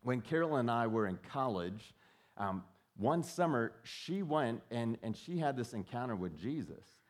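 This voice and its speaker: Male pastor, casual sermon delivery, mid-pitched voice, restarts words, slips into quoted voices. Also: animated, a little slow. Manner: conversational, repeats words when starting a thought.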